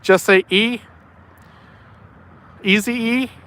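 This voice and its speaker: Slow, playful man on a live stream. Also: high-pitched, steady tone, fairly bright tone. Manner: playful, laughs often, reads chat aloud. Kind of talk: casual live-stream chat. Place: outdoors at night by the water.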